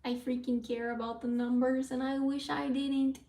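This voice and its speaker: A woman with a high voice chats casually on her livestream, rambling along as she answers viewer comments aloud. She sits back from the microphone, so her voice sounds distant in a room with a noticeable echo. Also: little pitch movement, normal speed, warm tone. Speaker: live streamer. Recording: roomy sound from away from the mic.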